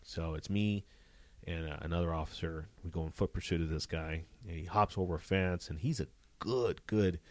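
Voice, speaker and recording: A man, a police detective, telling a story in a casual interview, animated and full of "you know" fillers. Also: sits low, moderate pace, no echo.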